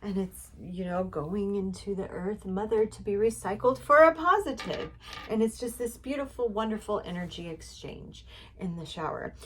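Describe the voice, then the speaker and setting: A woman's voice: medium pitch, normal speed, fairly bright tone, a little hiss or hum. A woman running a casual spiritual card reading. She talks in a chatty, rambling way, full of fillers, and she is encouraging and repeats herself. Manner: encouraging, repetitive.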